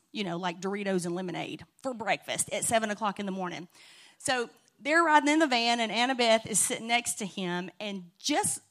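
A woman telling funny stories to a church congregation in a chatty, laughing way. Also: a little high. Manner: chatty and warm-hearted, laughing often. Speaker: church speaker. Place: church sanctuary.

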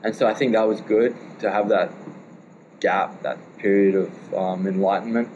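An Australian man in his thirties, casually telling a shared story in a rambling, halting way with some swearing. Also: lowish voice, fairly even intonation, darkish tone, muffled recording, a little hiss or hum. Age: 30s.

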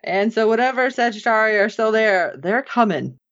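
A woman's voice: moderate pace, dull audio. A woman on a podcast chatting casually about a TV episode, acting out the characters' lines as she recaps. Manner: animated, acts out characters' lines with big pitch jumps. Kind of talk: casual chat.

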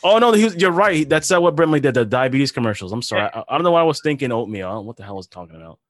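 A man's voice: mid-range voice, expressive, rapid-fire, no echo. A man hosting a podcast in casual chat, telling stories animatedly, laughing often and swearing. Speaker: podcast host.

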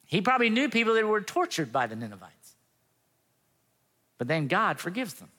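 A man's voice: high voice, sing-song, moderate pace, bright, forceful tone. A pastor giving a sermon in an earnest, conversational way, acting out the quotes he tells. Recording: long reverb of a hall.

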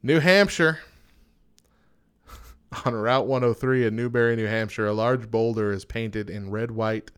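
A man's voice: medium pitch, a little slow, pauses often, clean tone. A young man hosting a casual chat show, reading out odd news items and joking about them. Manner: reads facts aloud then jokes. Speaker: podcast host.

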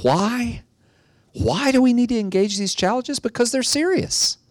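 A middle-aged man preaching a sermon, telling a story in a relaxed way and building to emphatic exhortation. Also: very high voice, measured pace, dry recording. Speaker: pastor.

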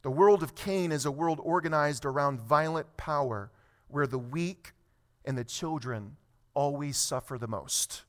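A man preaching a sermon, reading scripture slowly and then building to emphatic points. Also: fairly high pitch. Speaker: pastor.

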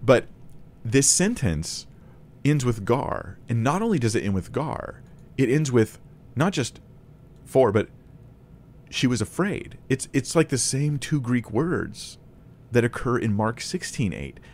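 A man's voice: medium pitch, big pitch swings, a little slow, darkish tone. A man teaching a Bible lesson to camera in a casual, conversational way, thinking aloud with restarts and small laughs.

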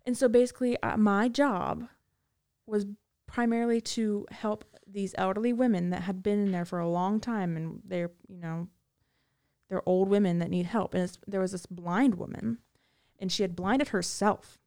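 A woman's voice: mid-range voice, steady tone, normal speed, darkish tone. A woman rambling through stories of her time in prison, in a casual interview. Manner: rambling, many fillers and restarts. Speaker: guest recounting prison time. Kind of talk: casual storytelling.

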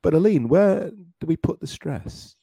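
A man hosting a podcast English lesson, encouraging his student and repeating words slowly to practise pronunciation. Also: on the high side, expressive, gravelly, warm tone, breathy edge, dry recording. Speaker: English teacher and podcast host.

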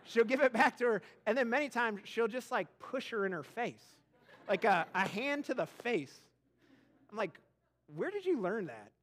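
High-voiced animated male pastor. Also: normal speed. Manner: animated storytelling with frequent repeated words. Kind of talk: sermon. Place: church auditorium.

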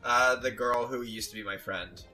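A man playing a tabletop game, speaking in character in a deadpan, mock-threatening way. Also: medium pitch, moderate pace, faint music behind. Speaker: player.

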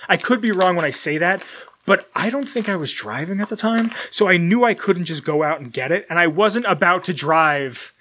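A young man casually chatting through an unboxing, rambling and self-deprecating, with sudden bursts of loud excitement. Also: sits high, slight background noise. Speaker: collector unboxing merchandise. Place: home room with collectibles shelf.

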